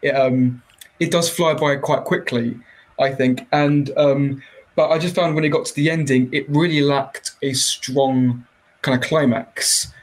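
Male podcast guest, mid-pitched, relaxed and rambling, casual delivery. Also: unhurried, low-quality recording. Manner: relaxed, rambling, laughs easily. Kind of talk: casual film review chat.

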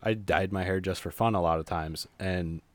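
A man's voice: deep voice, normal speed, no room sound. A young man co-hosting a casual chat, telling work stories in a laid-back way with frequent laughs. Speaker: podcast co-host.

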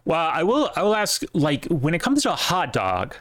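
A man co-hosting a casual podcast, talking with animated opinions and casual swearing. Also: a little high, normal speed, no room sound, studio quality. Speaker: podcast co-host. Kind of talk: casual chat.

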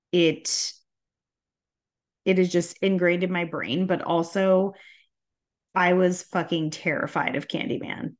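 A woman in her thirties with a fairly low voice co-hosts a casual podcast. She talks frankly and lively, with a curse word slipped in here and there. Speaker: podcast co-host.

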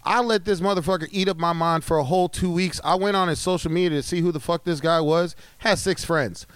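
A man's voice: a little high, a little fast, smooth, dry recording. A man who is a comedian, talking on a podcast in an intense, profane way and retelling stories. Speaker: comedian guest. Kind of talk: casual podcast chat.

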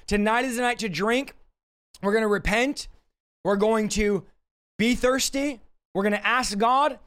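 A man preaches and prays over a livestream in an urgent, repetitive, exhorting way. His voice is strikingly high and smooth, though worn hoarse. He keeps pressing the listener with short, driving phrases. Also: unhurried, a bit bright. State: hoarse, scratchy throat. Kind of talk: livestreamed sermon and prayer.

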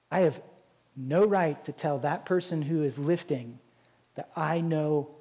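High-voiced pastor preaching conversationally. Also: male voice, darkish tone, breathy edge. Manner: conversational preaching with frequent "right?" asides and acted-out quotes. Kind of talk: sermon.

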